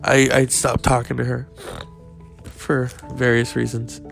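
Gravelly storyteller telling a gossipy tale. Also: medium pitch, unhurried, soft background music. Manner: animated, gossipy, acts out quotes. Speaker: host. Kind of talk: casual storytelling.

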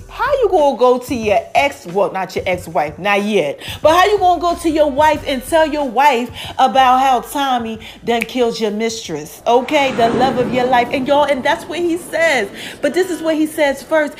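A woman giving a casual, animated recap of a TV episode, talking straight to her listeners and acting out the characters' lines. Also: soft background music. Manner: chatty, animated, addresses listeners as y'all; acts out characters' lines with quick pitch jumps. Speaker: TV recap host.

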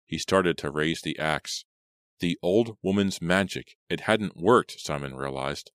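A man narrating a horror audiobook in a steady, measured reading style. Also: rumbling low, no echo, studio quality.

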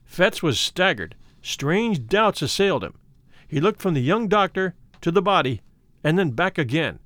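A man narrating a classic horror tale with an expressive, varied delivery. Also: a little high, moderate pace, no echo. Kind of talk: dramatic audiobook narration.

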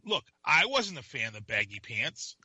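A man's voice: medium pitch, very animated, sharp tone, husky, no echo, lo-fi sound. A man co-hosting a casual podcast, ranting and swearing and laughing between points. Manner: ranting, profane, quick to laugh. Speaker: podcast co-host. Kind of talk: casual radio chat.

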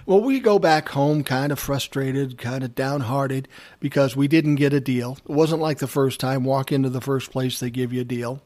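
A man's voice: mid-range voice, normal speed, a little mellow. A man who once managed a music artist, telling a personal story in a casual, blunt, conversational way. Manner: conversational, blunt, swears freely.

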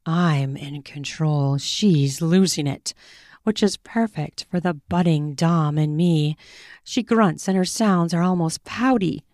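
Slow, intimate woman reading a story. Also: low-pitched, darkish tone, no room sound, studio quality. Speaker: author reading her own story. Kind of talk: first-person erotic story reading.

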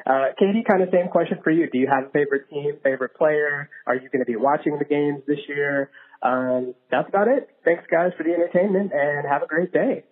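A man's voice: fairly high pitch, brisk. A man leaving a hesitant, rambling voicemail for a podcast, with many fillers. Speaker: caller. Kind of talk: voicemail message. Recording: tinny phone voicemail.

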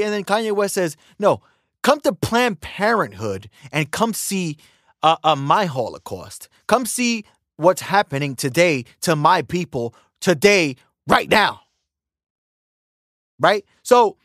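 A man's voice: a little high, no room sound, clean studio sound. A man hosting a podcast, delivering an opinionated casual monologue, often asking "right?" and acting out quoted exchanges. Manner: animated, repeats "right?" and acts out quoted lines. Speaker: podcast host.

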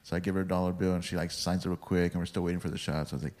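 A man's voice: low-pitched, flat delivery, racing, a little mellow. A young man chatting casually, telling a story in a loose, rambling way with lots of swearing. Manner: rambling, laid-back, swears a lot. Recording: long hall reverb.

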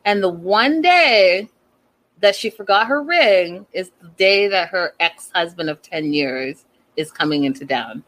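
A woman's voice: fairly low pitch, unhurried, low-quality recording. Chatty woman recapping reality TV. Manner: animated, incredulous, gossipy. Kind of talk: casual chatty commentary.

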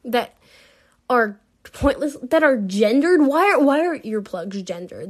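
Slow, incredulous young woman vlogging. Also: sits high, sing-song. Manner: rambling, incredulous, laughs often, many fillers. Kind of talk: casual unscripted commentary.

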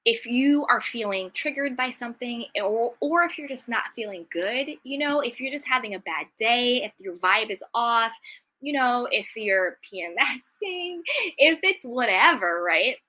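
Bright-voiced woman giving a pep talk. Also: fairly high pitch, animated, normal speed. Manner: encouraging, repeats key phrases, speaks straight to listeners. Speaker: self-help speaker. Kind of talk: motivational self-help talk.

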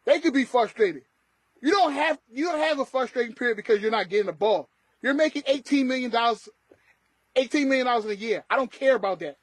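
A man's voice: very high-pitched, animated, quick pace, no echo. A man co-hosting a sports podcast, ranting emphatically in casual talk. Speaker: podcast co-host.

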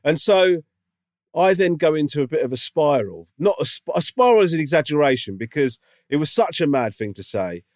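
Male co-host, rambling storyteller with a lively delivery, dry close recording. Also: a little high, a little fast, no room sound. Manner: rambling storyteller, lots of fillers. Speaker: podcast co-host. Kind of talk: casual chat.

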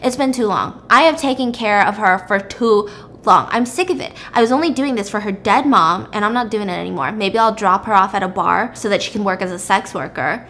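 A woman's voice: medium pitch, a little fast, fairly bright tone, slight background noise, lightly acted. A woman voicing an aggressive middle-aged man who talks harshly and with contempt.

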